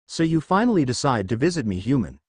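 A man's voice: medium pitch, very animated, quick pace, no echo. A man voicing a huge sealed male nine-tailed fox who growls and mocks. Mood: scornful. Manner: growling, mocking.

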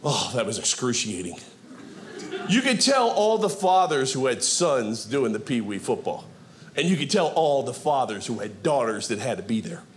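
A man in his fifties performing a stand-up comedy set on a theater stage, animated and acting out quoted voices. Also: medium pitch, moderate pace. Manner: animated, acts out quoted voices, shouts punchlines. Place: theater stage with live audience. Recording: stage mic with audible audience noise.

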